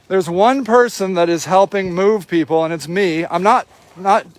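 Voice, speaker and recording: A man's voice: high voice, normal speed, no echo. A man filming a livestream outdoors, giving indignant, sarcastic running commentary and swearing freely. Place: outdoor homeless camp in snowy cold.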